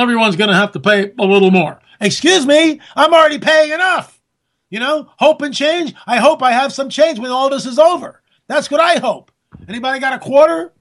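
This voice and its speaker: A man delivering a sarcastic, animated political monologue, talking straight to his listeners as folks. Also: very high voice.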